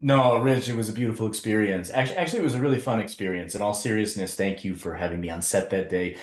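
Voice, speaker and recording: A man's voice: fairly low pitch, fast talker, reverberant. A man who is a podcast guest, laid-back and joking with swearing, speaking over a video call. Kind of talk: casual chat.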